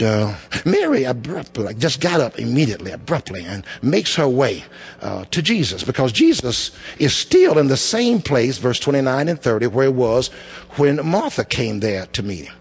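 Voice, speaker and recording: Husky preacher, quiet then soaring. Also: male voice, mid-range voice. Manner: swings from quiet storytelling to loud, rising emphasis. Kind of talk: sermon.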